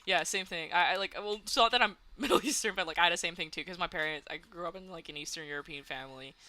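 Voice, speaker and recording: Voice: mid-range voice, fast talker, sharp tone, no room sound. A young adult streamer from Canada chatting casually while gaming, giggling often and filling talk with "like". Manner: chatty, giggly, many "like" fillers.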